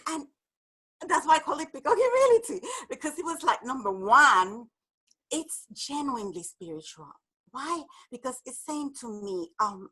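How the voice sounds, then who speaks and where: A woman guest explaining an idea in a lively interview, laughing often and acting out the voices in her examples. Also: fairly high pitch, a little slow, husky, rough recording. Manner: animated, laughs often, acts out apologetic voices. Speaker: guest speaker. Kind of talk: conversational explanation with acted examples.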